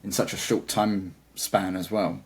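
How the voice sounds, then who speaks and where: A man with a low, slightly rough voice talks at a measured pace and steady tone as a guitarist guest in a casual interview. His chat is rambling and enthusiastic.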